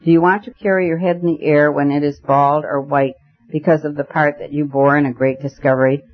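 Guy reading as a stern theatrical gent, grave and forceful, kinda muffled recording. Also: a little high, flat delivery, brisk, natural voice. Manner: stern, declamatory. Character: eccentric stern gentleman, excitable and theatrical.

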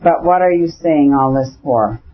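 Guy reading anguished noble wife, husky tone, kinda higher voice, lo-fi audio. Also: measured pace, lightly acted. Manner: pleading, bitter. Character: distraught noble wife, woman, young adult. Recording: dull lo-fi audiobook recording.

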